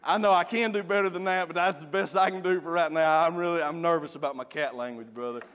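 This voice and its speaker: A man preaching a sermon, folksy and joking as he tells animated stories. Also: a little high, fast talker. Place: church. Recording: long reverb of a church hall.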